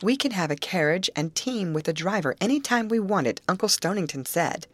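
Teenage girl, excitable, wondering, exclamatory, as a woman reader puts her on. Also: on the low side, fairly quick, no room sound, pitched above the performer's own voice. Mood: excited.

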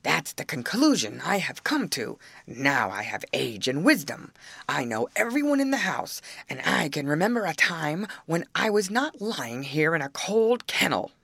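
A woman putting on a hoarse old yard dog. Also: low-pitched, very animated, normal speed, a bit bright, no room sound, full character voice. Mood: gruff. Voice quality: hoarse, barking. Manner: grumbly, wise-sounding storyteller.

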